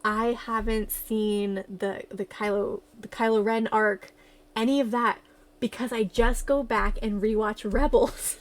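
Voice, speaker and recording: A woman livestreamer in casual chat, excitable and giggly as she gushes like a fan. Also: fairly high pitch, measured pace.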